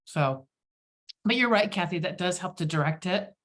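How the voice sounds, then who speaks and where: A woman hosting a casual group chat, telling stories in an animated, self-deprecating way. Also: fairly low pitch, normal speed.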